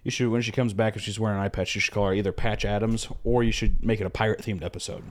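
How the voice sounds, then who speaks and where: A man guesting on his mother's podcast, teasing her with sarcastic, deadpan jokes. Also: on the low side, very fast, slight background noise. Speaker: podcast guest, online animator. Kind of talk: casual podcast banter.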